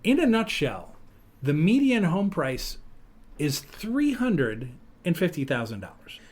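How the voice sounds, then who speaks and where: A man's voice: on the high side, sing-song, slow pace, a little mellow. A man with a Midwestern American accent hosting a podcast, jokey and loose in casual chat in a studio. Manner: jokey, loose, with fillers and laughs. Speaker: podcast host.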